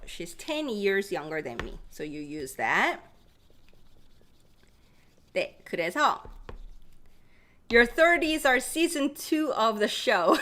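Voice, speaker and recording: A woman in her thirties teaching Korean on a live stream, reading out viewers' comments and laughing often, slowing down to explain phrases. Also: a little high, a bit bright. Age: 30s. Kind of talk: live-stream language lesson.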